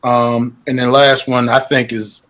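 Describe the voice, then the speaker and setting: A man's voice: medium pitch, little pitch movement, unhurried, fairly bright tone. Amused man listing rap favorites. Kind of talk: casual chat about hip hop lyrics.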